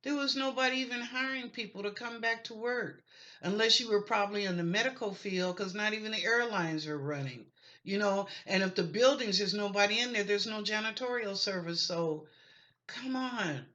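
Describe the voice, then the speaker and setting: A woman's voice: mid-range voice, normal speed, bright, forceful tone, dull audio. A middle-aged woman from the United States hosting her own show, talking straight to viewers in an impassioned, pleading, folksy way. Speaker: online psychic show host. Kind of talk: impassioned monologue to camera.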